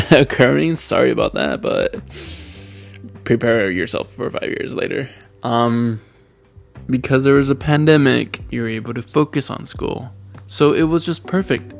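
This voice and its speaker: A man in his twenties, crying as he speaks earnestly to his younger self, with long pauses. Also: medium pitch, gravelly. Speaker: vlogger.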